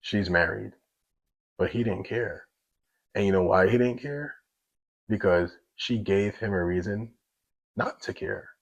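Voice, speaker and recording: Low gravelly man telling his story. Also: a little slow, long pauses, highs cut off. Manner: conversational, full of fillers and quoted back-and-forth. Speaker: storyteller sharing a personal testimony. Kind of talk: casual spoken storytelling.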